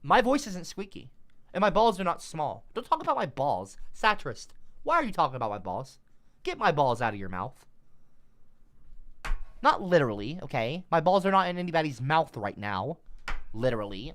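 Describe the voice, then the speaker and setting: A man's voice: on the high side, big pitch swings, moderate pace, fairly bright tone. A man livestreaming, talking casually to his chat, rambling and irritable, swearing often.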